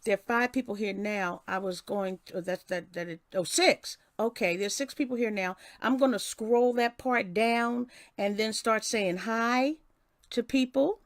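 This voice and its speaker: A woman's voice: a little high, unhurried, dry recording, clean studio sound. An older woman hosting a casual live stream, reading a passage and then greeting viewers by name with many restarts. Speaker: livestream host.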